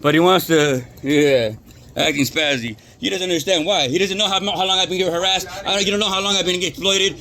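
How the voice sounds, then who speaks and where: A man's voice: a little high, very fast, sharp tone. A man filming on his phone inside a store, arguing in an agitated, repetitive way as an employee. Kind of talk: filming a workplace confrontation.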